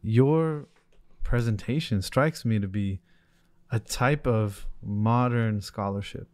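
A male podcast host sets up his questions in a thoughtful, measured way. His voice is fairly low and warm, recorded close and dry. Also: no echo. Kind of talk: conversational podcast interview.

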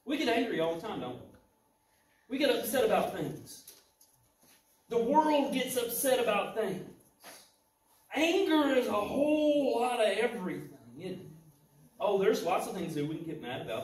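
A male pastor delivers an impassioned sermon, his voice pitched very high for a man. He is recorded from a distance, and the church room adds a lot of echo. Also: lively intonation, moderate pace, slight background noise. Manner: impassioned preaching, rising to shouts. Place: church sanctuary. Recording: echoey church hall, mic at a distance.

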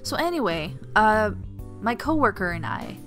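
A woman's voice: mid-range voice, very animated, normal speed, fairly bright tone, faint music behind. A young adult woman telling college stories as a casual storytime vlog, chatty and full of fillers. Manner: chatty, filler-heavy, vivid retelling. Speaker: storytime vlogger, former resident assistant. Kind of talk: casual storytime while drawing.

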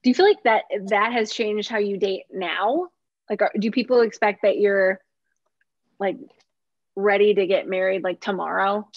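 A woman's voice: mid-range voice, moderate pace, no echo. A woman from Minnesota hosting a casual cooking chat on a video call, upbeat and chatty, often laughing. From Minnesota, USA. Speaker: host. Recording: dull, muffled video call audio.

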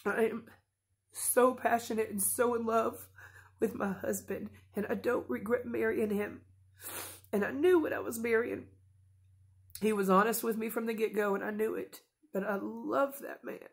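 Creaky-voiced woman vlogging to camera. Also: fairly high pitch, steady tone, normal speed. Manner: earnest, rambling, emotional. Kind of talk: casual talk to camera.

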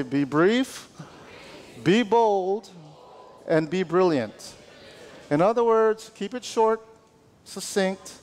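A male pastor delivers a lively sermon, talking to his congregation like friends and drawing call-and-response from them. His voice sits a touch high. A long reverb from the church hall trails each phrase. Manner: animated, conversational preaching with call-and-response. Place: church sanctuary.

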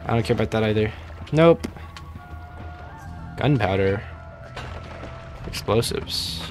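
A man's voice: fairly low pitch, expressive, takes it slowly, over music. A young man casually commenting on his own gameplay, rambling and joking, with sudden panicky outbursts. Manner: rambling, jokey, panicky bursts. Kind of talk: casual let's-play commentary.

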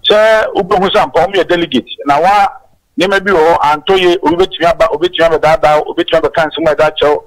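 A man's voice: a little high, steady tone, racing, poor audio. A man with a Ghanaian accent calling in by phone to a political talk show, speaking emphatically and mixing in blessings. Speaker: caller. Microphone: phone line.

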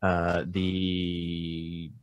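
A man's voice: low-pitched, completely flat delivery, very slow, dry recording, lo-fi sound. A man, a game designer guest, chatting casually and enthusiastically with many fillers. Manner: enthusiastic, rambling, full of fillers. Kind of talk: casual promo chat.

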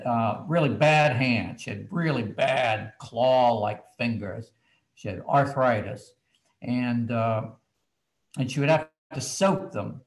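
An older man tells a story from his own childhood, with energy and an easy, talky rhythm. He drops to a hushed voice when the tale turns tense. His pitch sits in a middle range. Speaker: children's author. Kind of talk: storytelling to students. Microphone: video call.

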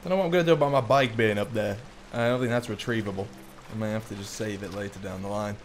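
A young man giving excitable live gameplay commentary, often breaking into shouts and laughter. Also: lowish voice, quick pace, slight background noise. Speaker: gaming YouTuber. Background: loud game music and gunfire.

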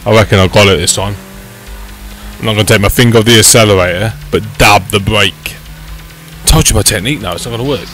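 A man's voice: fairly low pitch, fast talker, fairly bright tone, soft background music. A young man giving live gameplay commentary as he plays a racing game, swearing often and getting frustrated with his car. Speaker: gaming channel host.

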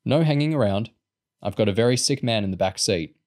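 A man as a brisk, kindly vet. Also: lowish voice, animated, darkish tone, lightly acted. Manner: brisk, reassuring and practical. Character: calm, kindly middle-aged male vet.

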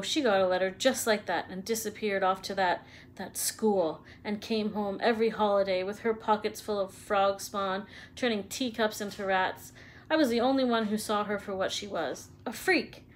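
A woman's voice: mid-range voice, close to an everyday voice. A bitter middle-aged aunt rants with sneering spite about her family, as a woman reading aloud gives her voice. The voice sits in a middle register. Faint noise hums underneath.

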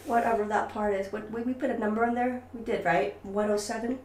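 A woman's voice: mid-range voice, steady tone, brisk, darkish tone, echoey room, far from the mic, a little hiss or hum. A woman teaching violin over a video call, coaching a student and singing rhythms aloud. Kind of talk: online music lesson.

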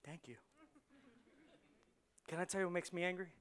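A man, a pastor, preaching a sermon with rhetorical questions that build to shouting. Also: high-pitched, fairly even intonation, moderate pace, crowd noise.

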